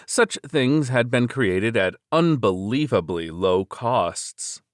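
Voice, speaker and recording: A man narrating a web novel in a steady, measured reading voice. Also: medium pitch, no echo, studio quality. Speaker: audiobook narrator.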